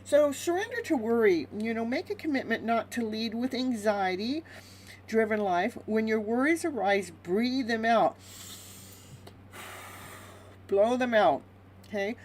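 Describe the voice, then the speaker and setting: A woman hosting a live tarot reading, chatty and animated, laughing often as she talks to her viewers. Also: fairly high pitch, a little slow, pauses often, slight background noise, rough recording. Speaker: tarot reader.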